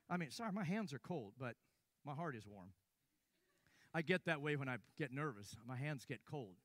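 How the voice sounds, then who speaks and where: An older man preaching a sermon, telling a story with hushed stretches and sudden loud bursts. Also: high voice, quick pace, dry recording, clean studio sound.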